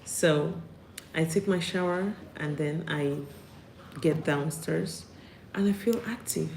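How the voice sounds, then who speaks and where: Low-voiced woman giving a pep talk. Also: slow pace, vocal fry, darkish tone. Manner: upbeat, repeats key phrases for emphasis. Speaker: motivational speaker. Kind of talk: live-streamed motivational talk. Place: at home. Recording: roomy echo, faint background noise.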